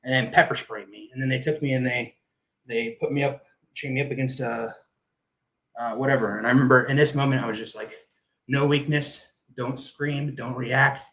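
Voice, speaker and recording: A man's voice: mid-range voice, a little fast, low-quality recording. Man vividly recounting a personal ordeal. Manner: vivid, animated retelling with acted-out quotes. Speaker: guest, Air Force veteran. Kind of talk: personal storytelling in a podcast interview.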